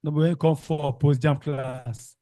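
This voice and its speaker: A man's voice: on the high side, steady tone, a little slow, warm tone, no echo. A man teaching a revision class, calling out questions and repeating the answers in call-and-response drills.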